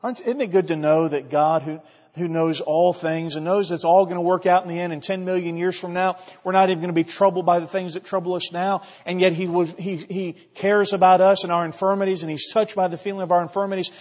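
A man preaching a sermon, reading scripture and swinging between loud, impassioned stretches and hushed ones, often clearing his throat. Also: high voice, fairly even intonation, quick pace. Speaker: pastor. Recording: muffled sound in a reverberant hall.

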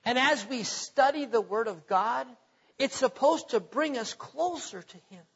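A man's voice: extremely high pitch, animated, unhurried, fairly bright tone, husky. A man preaching a sermon in a church, emphatic and repetitive, firing off rhetorical questions to the congregation. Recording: echoey hall, dull lo-fi sound.

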